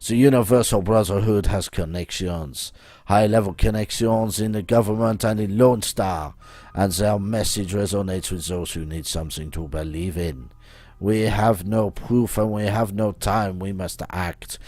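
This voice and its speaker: A man's voice: on the low side, fairly even intonation, unhurried, darkish tone. A man voicing a grand, scheming male hacker with a put-on French accent, who talks about himself in the third person. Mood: grave.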